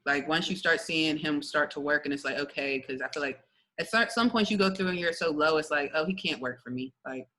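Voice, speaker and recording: A young woman gives her faith testimony in a casual interview, talking in a loose, chatty way. Her voice is very bright and forceful, and she breaks into laughter often. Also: low-pitched, brisk, low-quality recording. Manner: lively, chatty, laughs often, many fillers. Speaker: guest sharing her testimony.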